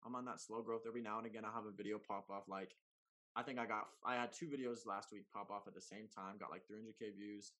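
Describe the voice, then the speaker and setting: Animated slangy man, casual chat. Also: fast talker. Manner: animated, slangy, big swings in pitch and loudness. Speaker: comedy content creator guest.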